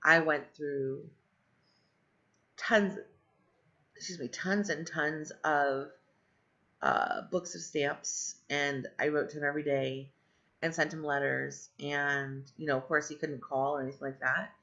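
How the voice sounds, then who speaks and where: Gravelly-voiced woman telling a personal story. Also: sits low, steady tone, measured pace, fairly bright tone. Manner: rambling, many fillers and asides. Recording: dull lo-fi sound.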